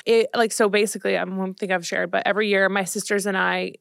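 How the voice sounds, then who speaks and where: A young woman co-hosting a podcast tells long stories with animated energy, full of fillers and casual swearing. She sits in a podcast studio, and her voice is mid-pitched with a dry, close sound. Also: fast, vocal fry, smooth, dry recording. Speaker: podcast co-host. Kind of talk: casual chat.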